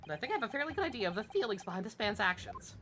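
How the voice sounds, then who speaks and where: A woman's voice: medium pitch, very animated, racing, heavy background noise. A woman hosting a let's play, reading game dialogue and tossing in sarcastic, playful asides.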